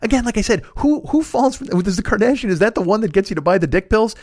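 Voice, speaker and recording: Rambling foul-mouthed guy doing a comedy podcast rant, quick talker, kinda high voice, dead dry room. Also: expressive, a little mellow, no echo. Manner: rambling, profane, self-correcting, with frequent laughs. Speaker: podcast host. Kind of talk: crude comedic monologue.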